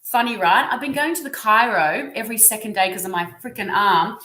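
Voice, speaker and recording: A woman's voice: mid-range voice, lively intonation, brisk, bright, forceful tone. A woman with an Australian accent giving effusive, encouraging tarot readings on a live stream. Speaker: tarot reader. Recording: echoey room sound.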